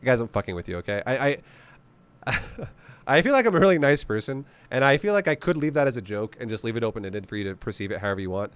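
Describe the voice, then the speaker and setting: A man's voice: medium pitch, animated, fast, clean tone. A man giving casual, profane gameplay commentary, blunt and joking as he explains strategy. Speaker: game commentator.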